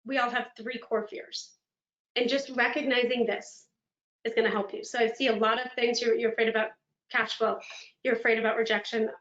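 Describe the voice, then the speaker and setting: A woman motivational speaker giving a virtual keynote, telling stories in an animated, dramatic way. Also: a little high, fairly quick. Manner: animated, dramatic storytelling with laughs. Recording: echoey room, dull lo-fi sound.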